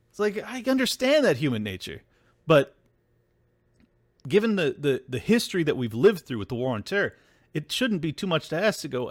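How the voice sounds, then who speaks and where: Male podcast host: lively, swooping pitch, sarcastic and profane rant, dry close recording. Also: fairly quick, pauses often, dry recording. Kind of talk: ranting political commentary.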